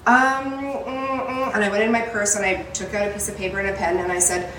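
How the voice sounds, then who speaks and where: Woman host, lively salty storyteller, roomy sound, slightly off-mic with faint background. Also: mid-range voice, fast talker, hardly any pauses, far from the mic, slight background noise. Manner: animated, swearing, laughing storyteller. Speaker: podcast host, salon owner. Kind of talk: casual storytelling chat.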